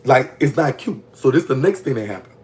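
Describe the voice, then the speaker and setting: A vlogger with a Louisiana Southern accent tells a prison story in casual, gossipy storytime fashion, his voice leaping up whenever he reacts to comments. It's a mid-range voice, animated and a little mellow, moving a little fast.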